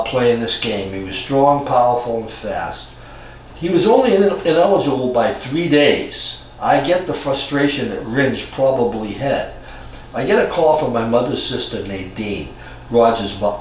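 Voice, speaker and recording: A man in his sixties from Cambridge, Massachusetts, telling a personal story in a reflective, halting way with frequent restarts. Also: medium pitch. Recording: very echoey room from far off, faint noise.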